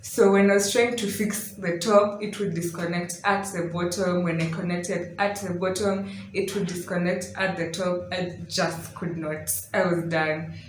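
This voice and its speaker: Woman, casual home vlog, slow unhurried pace, echoey room, faint background hum. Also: fairly low pitch. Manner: chatty and excitable, laughing at her own mess. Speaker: DIY vlogger.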